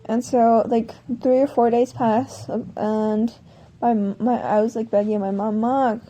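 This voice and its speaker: A woman vlogger talks in a fairly high, mellow voice, winding through a personal story at her own loose pace. She rambles, backtracks and corrects herself mid-sentence in a casual, chatty way. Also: level tone, measured pace.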